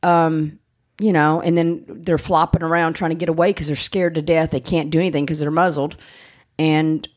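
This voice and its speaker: An American woman hosts a podcast in a casual chat, blunt and joking, swearing freely. Her low voice has a darkish, level tone at normal speed.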